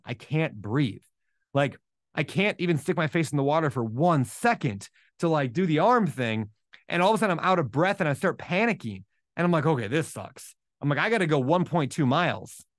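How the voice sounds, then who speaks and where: Guy telling a story, kinda high voice, super animated, dry close sound. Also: dry recording. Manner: animated, acts out his own thoughts in quotes. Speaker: podcast host. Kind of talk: casual storytelling.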